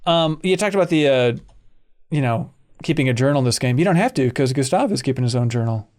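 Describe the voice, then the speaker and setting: A man's voice: medium pitch, animated, quick pace, a little mellow. A man hosting a podcast chat, joking around and reading viewer comments aloud. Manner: jokey, reads chat messages aloud. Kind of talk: casual chat.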